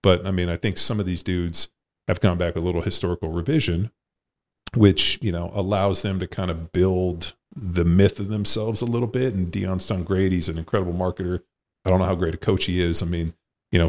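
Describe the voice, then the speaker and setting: Very deep-voiced blunt, swearing man. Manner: blunt, profane, rambling. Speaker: podcast host, former football player. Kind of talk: casual conversation.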